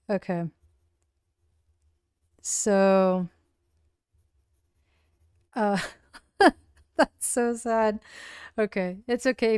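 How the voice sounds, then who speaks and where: A woman's voice: mid-range voice, a little mellow, clean tone, no room sound, clean studio sound. A woman streaming a solo tabletop game, narrating casually with many likes and ums. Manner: rambling, full of likes and ums, giggly.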